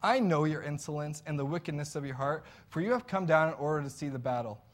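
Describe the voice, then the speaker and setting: A man's voice: on the high side, quick pace. A man preaching a sermon in an earnest, conversational storytelling way.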